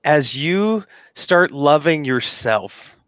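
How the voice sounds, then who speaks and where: A man hosts a lively interview with a bright, somewhat high voice, interjecting eagerly and playfully. The sound is dry and close. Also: slow, clean tone, dry recording. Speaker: host. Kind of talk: conversational interview.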